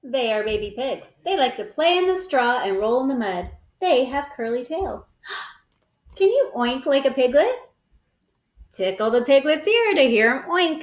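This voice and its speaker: High, lively woman reading to kids. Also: a little slow, reverberant. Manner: animated, exclaiming and gasping, coaxing children to join in. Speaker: storytime host. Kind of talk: reading a picture book aloud to children.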